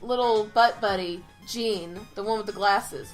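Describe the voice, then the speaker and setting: A young woman co-hosting a podcast in casual chat, gushing excitedly and swearing freely. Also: medium pitch, a little slow. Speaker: podcast co-host. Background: faint background music.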